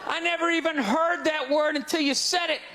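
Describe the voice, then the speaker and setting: A man with a Boston accent doing a stand-up set on stage, ranting in loud, exasperated bursts that break into shouts. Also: very high voice, steady tone, a little fast. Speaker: stand-up comedian. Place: live comedy stage before an audience. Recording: live crowd laughter, faint background noise. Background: audience laughter.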